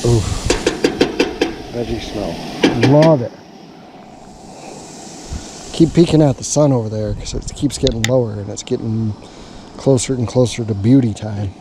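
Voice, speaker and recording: A man's voice: medium pitch, measured pace, long pauses, background noise. A man talking casually outdoors as he cooks for his vlog, chatty and jokey, talking to himself as he works. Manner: chatty, jokey, talks to himself while working. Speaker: outdoor cooking vlogger. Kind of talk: casual cooking vlog chat. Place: outdoors at a camp cooking spot.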